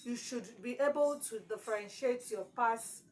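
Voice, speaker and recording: A woman's voice: fairly high pitch, normal speed, a little mellow, slight background noise, poor audio. A woman teaching exam prep, repeating key words with strong emphasis. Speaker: English teacher.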